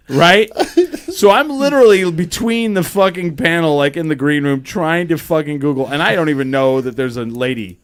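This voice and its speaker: A podcast host in casual chat, telling stories in a profane, animated way with quick, run-on delivery full of restarts. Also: male voice, fairly high pitch.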